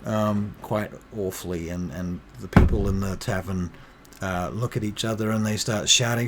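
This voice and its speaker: A man's voice: lowish voice, fairly even intonation, normal speed. A man running a tabletop game as game master, narrating with lots of hesitations and ums. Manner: hesitant, full of ums, chatty.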